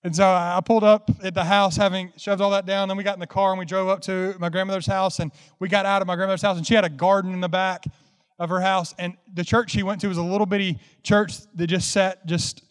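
Man, pastor, sermon, folksy and fervent, high voice, long church-hall echo. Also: level tone, a little fast, clean tone. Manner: folksy storytelling building to fervent preaching. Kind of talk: sermon with personal story.

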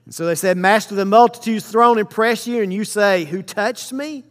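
A man preaching a sermon, reading scripture verses slowly and then explaining them with emphasis. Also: high voice, a bit bright. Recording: long hall reverb.

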